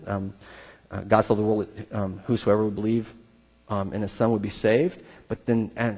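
A man preaching a sermon as pastor, in a conversational style with restarts, moving between loud emphasis and quiet asides. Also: on the low side, husky. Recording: long hall reverb.

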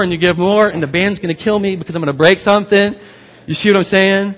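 Husky preacher guy, kinda high voice, lively sermon, muffled lo-fi sound. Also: a little fast. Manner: animated and playful, swinging between soft and loud. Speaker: pastor.

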